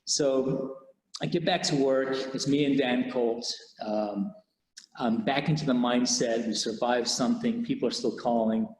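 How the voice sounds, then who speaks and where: A police officer recounting a personal experience in an interview, candid and halting, with many restarts. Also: male voice, mid-range voice, darkish tone. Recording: echoey room with long reverb.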